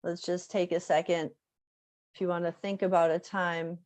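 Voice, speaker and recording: A woman's voice: lowish voice, little pitch movement, moderate pace, a little mellow. A woman music teacher giving a casual workshop talk, conversational, with many fillers and tag questions. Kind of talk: casual online presentation.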